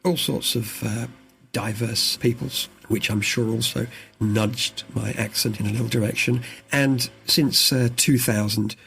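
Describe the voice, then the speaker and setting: A man from southeast England whose English accent carries a mix of international influences, speaking as a leadership coach in a relaxed, articulate podcast interview. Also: mid-range voice, a little slow, gravelly, faint music behind. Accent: mixed English accent with international influences.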